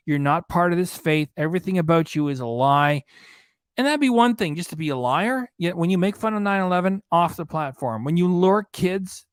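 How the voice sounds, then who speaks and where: A man's voice: fairly high pitch, clear, resonant tone, dry recording, studio quality. A man delivering angry, indignant commentary, ranting and repeating himself. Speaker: reaction channel commentator.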